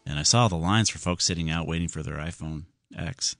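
A man hosting a call-in radio show about computers, chatty and quick to laugh. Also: faint music behind. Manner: chatty, laughs often, lively pitch swings.

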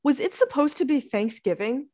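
A woman's voice: high voice, sing-song, moderate pace, darkish tone, no echo, studio quality. A woman hosting a movie podcast, teasing and wry. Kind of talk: casual movie chat.

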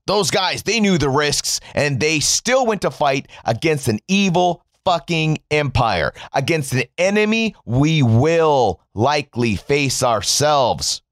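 Addressing his viewers as "folks," this US political commentator gives a biting, sarcastic rant full of swearing, his expressive pitch swinging widely as he mocks. He goes slowly with few pauses, and the recording is dry and close without room sound.

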